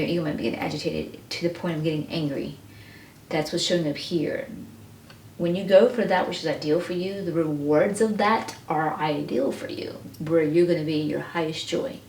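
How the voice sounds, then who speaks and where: Low-voiced woman reading tarot. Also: a little mellow, recorded from a distance. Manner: earnest, encouraging, speaks straight to the listener. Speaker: tarot reader. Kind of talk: pick-a-card tarot reading to viewers. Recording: echoey room, mic set back, faint noise.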